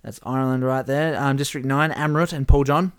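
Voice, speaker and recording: A man in casual chat, reading out game events with animated play-by-play. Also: medium pitch, a little fast, smooth, no room sound, studio quality. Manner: animated play-by-play, chuckling at the results. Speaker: host running a whisky-themed game simulation.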